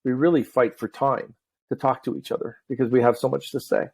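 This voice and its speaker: A man's voice: mid-range voice, brisk, gravelly, slightly rough. Chatty middle-aged male host. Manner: talkative, animated storyteller. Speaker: podcast host. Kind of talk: casual chat.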